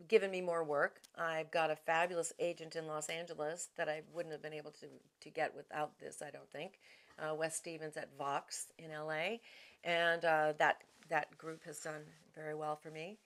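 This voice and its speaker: A middle-aged woman voice actor talks through interview answers, chatty and self-deprecating. Her voice sits a little low, and she restarts her sentences often.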